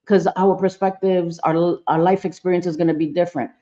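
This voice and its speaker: A woman's voice: lowish voice, steady tone, fairly quick, mellow, highs cut off. A middle-aged woman hosting a casual livestream, chatting bluntly with viewers, cursing freely and often trailing off mid-thought. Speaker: livestream host.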